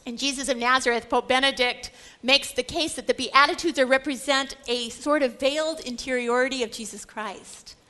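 A woman Bible teacher giving an animated lecture, swinging between loud exclaiming and hushed whispers. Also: sits high, moderate pace.

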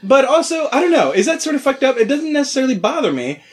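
A man talking casually about a movie, animated, swearing freely and laughing often. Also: very high-pitched, quick pace. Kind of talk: casual film discussion.

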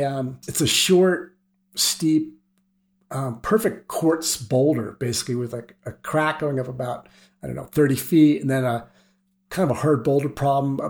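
A man, a guest on a climbing podcast, telling stories in a casual and animated way, laughing now and then. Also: medium pitch, creaky. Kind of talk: casual storytelling.

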